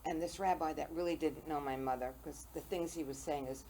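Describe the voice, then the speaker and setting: An older woman with a very low voice hosts a casual interview and spins funny personal anecdotes. There is a faint hiss behind her. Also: fairly even intonation, fairly quick, warm tone, rough recording. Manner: storytelling, self-deprecating humor. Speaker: talk show host. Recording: faint noise, local TV studio.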